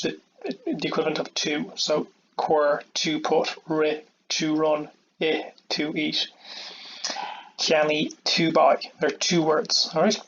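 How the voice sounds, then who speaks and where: Male teacher, patient, explains step by step; slightly high, flat delivery. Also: muffled recording, a little hiss or hum. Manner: patient, repeats "okay" and "all right" often. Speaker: Irish language teacher. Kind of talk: explaining a grammar lesson step by step.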